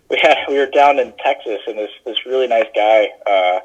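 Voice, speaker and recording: A man tells easygoing stories as a podcast guest, full of fillers and restarts. His pitch sits in an ordinary middle range. The audio is a little muffled and lo-fi. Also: normal speed. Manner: chatty, with frequent fillers and restarts. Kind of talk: casual conversational storytelling.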